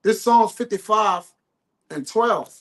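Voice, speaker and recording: A man's voice: high voice, slow, fairly bright tone. A man at a street preaching camp reading Bible verses aloud and explaining them in loose, profane talk.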